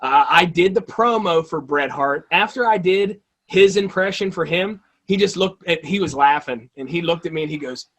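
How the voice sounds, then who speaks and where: A man being interviewed as a guest, telling animated, enthusiastic stories in a casual way. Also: a little high, normal speed, hardly any pauses. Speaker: guest, toy-hunting video creator.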